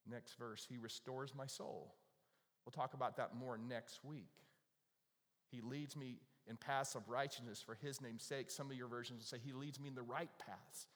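A man preaching to his congregation in a conversational way, his voice lifting and dropping as he stresses words. He is recorded in a church with a long, echoing reverb, and his pitch sits in an ordinary middle range. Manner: animated, conversational preaching with repeated starts. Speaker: pastor. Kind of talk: sermon. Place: church sanctuary. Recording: echoey hall reverb.

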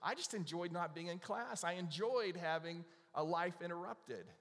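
A man's voice: high-pitched, lively intonation, normal speed, a bit bright. A middle-aged man preaching an Easter sermon, telling stories and often asking the congregation "right?". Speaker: pastor. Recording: long hall reverb.

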